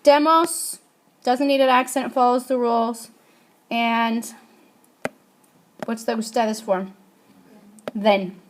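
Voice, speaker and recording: A woman's voice: on the high side, fairly even intonation, slow, long pauses, a little hiss or hum. A woman teaching a Spanish grammar lesson, asking her class questions and answering them herself.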